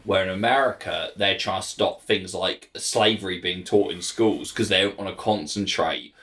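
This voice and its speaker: A man's voice: sits low, moderate pace, fairly bright tone. A man co-hosting a casual chat, rambling through a film story with fillers and swearing. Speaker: podcast co-host.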